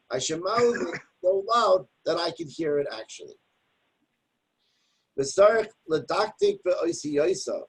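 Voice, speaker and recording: A Torah teacher with a slightly high voice and a breathy edge leads a daily text study lesson. He reads Hebrew passages, explains them plainly in English, and sounds out pronunciation examples aloud. The recording is rough.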